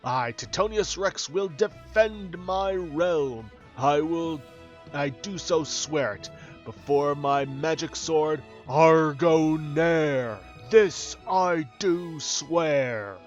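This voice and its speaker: A man voicing a pompous, deep-voiced troll king hero who declaims slowly and grandly. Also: dull audio, soft background music. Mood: grandiose. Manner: bombastic, slow and declaiming.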